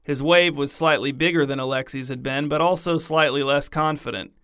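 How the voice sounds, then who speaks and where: A man narrating a story in a deadpan, scripted reading. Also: on the high side, brisk, clean tone, dry recording, clean studio sound.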